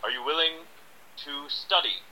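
Brief: man as a slick, lecturing acting teacher, very bright, sharp voice. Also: on the high side, slight background noise, rough recording. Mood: smug. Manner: smug, lecturing, drawn-out emphasis. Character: pompous scamming male acting coach. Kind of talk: improvised radio sketch.

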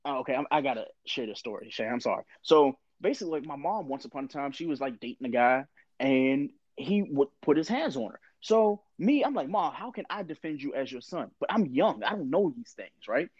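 A man's voice: medium pitch, animated, fairly quick, a little mellow, slightly rough, dry recording, lo-fi sound. A man in his thirties with a candid, profane storytelling manner, talking in a casual conversation.

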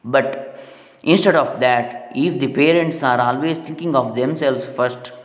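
A man reading a spiritual text aloud in a slow, measured, solemn way. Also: medium pitch. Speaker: reader. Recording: echoey hall with long reverb.

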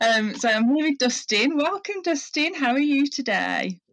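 A woman's voice: high-pitched, animated, normal speed, fairly bright tone, low-quality recording. A woman from Birmingham with a Birmingham accent, guest-hosting a casual chat and laughing often. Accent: Birmingham English. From England. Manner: giggly, chatty, laughs often. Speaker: guest host.

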